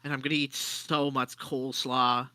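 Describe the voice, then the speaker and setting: Young guy rambling dumb jokes on a podcast, bright smooth voice, pretty high. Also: level tone, normal speed, dry recording. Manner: keeps butting in, rambling absurd jokes. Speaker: podcast co-host. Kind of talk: casual chat.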